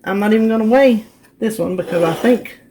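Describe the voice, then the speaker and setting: A woman's voice: medium pitch, brisk, warm tone, slight background noise. A woman hosting her own cooking channel, chatting viewers through each step of a recipe in her home kitchen. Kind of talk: casual cook-along demonstration.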